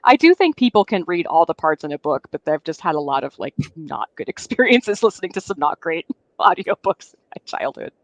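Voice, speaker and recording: A woman chatting casually on a live stream, animated and laughing often. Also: low-pitched, fairly quick. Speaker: writers group member.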